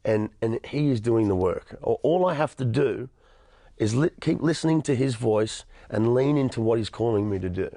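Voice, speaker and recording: A man's voice: medium pitch, animated, normal speed, warm tone, no room sound, clean studio sound. A man in his thirties with an Australian accent, giving an emphatic personal testimony as an interview guest, often repeating words and restarting. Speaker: interview guest, motivational speaker.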